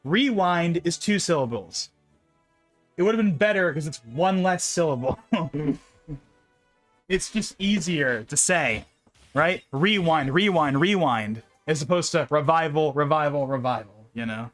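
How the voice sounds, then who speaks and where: A man's voice: a little high, animated, measured pace, long pauses, soft background music. Chatty young man streaming a game. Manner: chatty, rambling, laughs often, repeats words. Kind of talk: casual live-stream chat while gaming.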